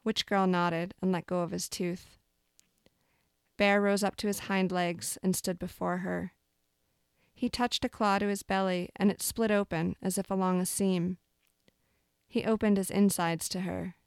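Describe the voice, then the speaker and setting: A woman calmly reading aloud a dark fable, as storyteller. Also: on the low side, measured pace, vocal fry, clear, resonant tone, no room sound, clean studio sound.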